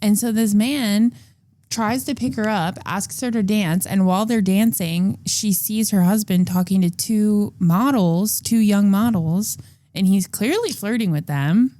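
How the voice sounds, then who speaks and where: A woman's voice: medium pitch, measured pace, warm tone, no echo. Woman podcaster, crude and blunt, laughs a lot, dry close sound. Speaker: podcast co-host. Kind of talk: casual comedic chat.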